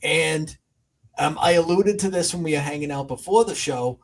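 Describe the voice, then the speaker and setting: A man doing a demon puppet, brash, flirty, joking, a touch high-pitched. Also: moderate pace, gravelly. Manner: jokey, flustered, trails off into laughs. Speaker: puppet co-host. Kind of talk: comedic podcast chat.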